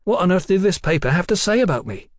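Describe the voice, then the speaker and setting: A man's voice: high-pitched, sing-song, quick pace, no echo, studio quality, voice pushed up. A male narrator voicing a flustered Victorian scientist who blurts out his words in anxious indignation. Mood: agitated.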